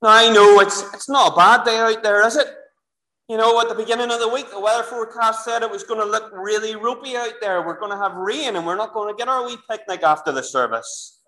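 Lively Northern Irish minister in an echoey church. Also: male voice, high-pitched, fairly quick. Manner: lively storytelling, addressing children and congregation directly. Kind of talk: sermon. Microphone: clip-on microphone.

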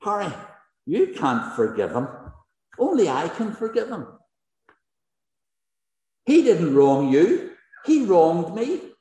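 A man's voice: high-pitched, wildly swooping pitch, slow, pauses often, mellow, voice pushed up, exaggerated voice. A man voicing an indignant wronged man who protests that only he can forgive, heard with echo from a large hall. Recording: echoey hall reverb.

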